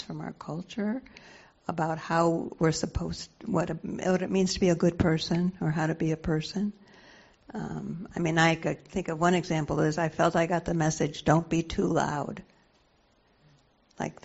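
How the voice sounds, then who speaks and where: A soft-voiced woman leading a reflective group sharing, speaking thoughtfully with many pauses and fillers, on a muffled lo-fi recording. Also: sits low, creaky, husky. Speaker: group facilitator.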